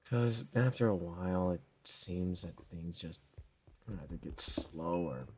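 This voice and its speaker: Deep-voiced young guy, tired, rambling deadpan commentary over his game. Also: slow, slightly rough. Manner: rambling, deadpan, with sudden loud outbursts. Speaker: gameplay commentator. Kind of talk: casual gameplay commentary.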